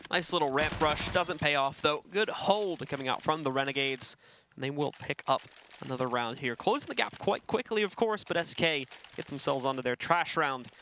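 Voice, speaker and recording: A man calling a live esports match play by play, energetic and rapid, speaking into a headset. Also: fairly high pitch, slight background noise. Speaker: esports commentator.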